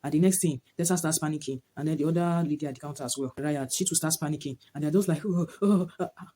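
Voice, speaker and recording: Fast-talking man rambling through a movie recap. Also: a little high, mellow. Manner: rambling retelling full of "like" and "whatnot". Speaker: movie reviewer. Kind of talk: casual movie plot recap to camera.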